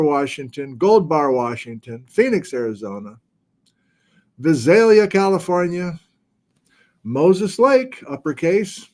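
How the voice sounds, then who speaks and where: An American man hosting a geology livestream, casually reading out where viewers are watching from in a relaxed, chatty way. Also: fairly high pitch. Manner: relaxed, chatty, reads viewer locations aloud. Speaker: geology lecture host.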